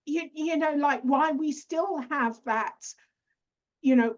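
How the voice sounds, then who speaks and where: A middle-aged woman with a British accent hosts a podcast, her voice sitting fairly high and coming through dull, lo-fi audio. She asks her questions with enthusiasm. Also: takes it slowly. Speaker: podcast host. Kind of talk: podcast interview.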